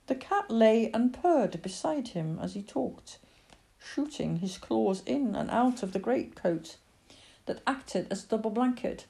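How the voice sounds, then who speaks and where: A woman reading a story aloud as narrator, with expressive storytelling. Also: a little high, unhurried, creaky. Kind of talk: audiobook reading.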